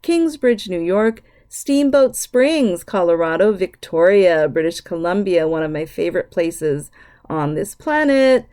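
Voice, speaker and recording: A middle-aged woman hosting her own podcast, reading listener locations aloud and chatting casually with bursts of excitement. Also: on the low side, unhurried. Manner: warm, gushing shout-outs to listeners, bursts of excitement. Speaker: podcast host. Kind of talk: casual solo podcast talk.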